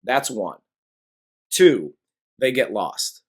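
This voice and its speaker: A man's voice: medium pitch, big pitch swings, extremely slow. Sarcastic, profane man reviewing a movie. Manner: profane, sarcastic, acts out scenes in silly voices. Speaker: podcast co-host. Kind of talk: casual movie review chat.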